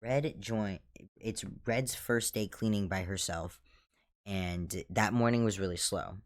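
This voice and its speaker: Deep-voiced blunt man telling work stories. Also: slow. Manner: blunt, sarcastic, swears freely. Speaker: hotel head of housekeeping. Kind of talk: casual storytime vlog.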